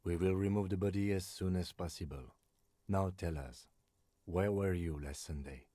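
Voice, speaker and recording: A calm, formal police officer. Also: male voice, sits low, no room sound. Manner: measured, formal questioning. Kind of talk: game voice acting.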